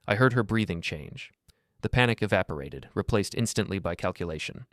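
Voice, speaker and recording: A man narrating a first-person story in a steady, measured reading voice. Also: low-pitched, no room sound, clean studio sound.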